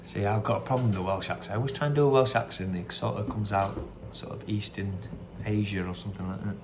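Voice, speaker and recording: A quiz host runs a laid-back pub-style game, repeating every question and drifting into brief anecdotes, captured on a phone with background noise. He talks fast, with a fairly low, steady voice and a chatty manner.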